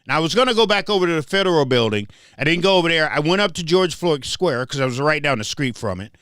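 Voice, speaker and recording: Emphatic man with a lively voice. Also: on the high side, fast, smooth, no room sound, studio quality. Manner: repetitive, restarts phrases, emphatic. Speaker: show host. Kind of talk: casual commentary monologue.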